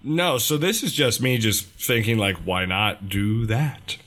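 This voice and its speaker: A man's voice: medium pitch, expressive, a little slow, a bit bright. A man co-hosting a podcast in casual chat, playful and rambling, with a groggy morning voice. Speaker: podcast co-host.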